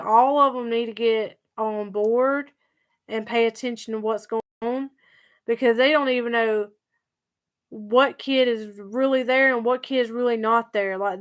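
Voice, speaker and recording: A woman's voice: on the high side, clear, resonant tone. A woman telling a story to her viewers in a chatty, emphatic way that circles back over the same points. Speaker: vlogger. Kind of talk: casual storytelling vlog.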